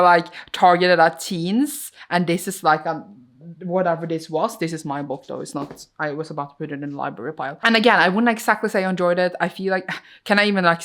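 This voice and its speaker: Young woman vlogging about books, rambly and self-mocking, a bit low-pitched. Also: fairly bright tone. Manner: rambling, self-mocking, full of likes and restarts. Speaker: book vlogger. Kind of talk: casual chat.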